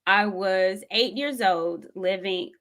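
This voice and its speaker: A woman's voice: mid-range voice, slow, a bit bright. A woman from Tennessee, telling a personal story in an earnest, reflective way as a vlogger. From Tennessee, USA.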